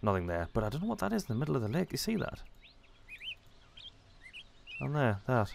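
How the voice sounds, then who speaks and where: A man's voice: medium pitch, sing-song, brisk, vocal fry, slight background noise. A man giving casual gameplay commentary, chatty and self-mocking, often muttering to himself as he plays. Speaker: let's play commentator.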